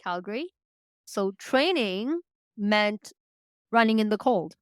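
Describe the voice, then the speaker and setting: A chatty woman in her forties from Canada tells her story in a relaxed interview. Her voice sits at an ordinary middle pitch, and she brightens when she acts out what she said. The sound is close and dry, with no room around it. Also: slow pace, clear, resonant tone, no room sound. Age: 40s. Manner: chatty, laughs often, acts out quoted lines in a lifted voice. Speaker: podcast guest.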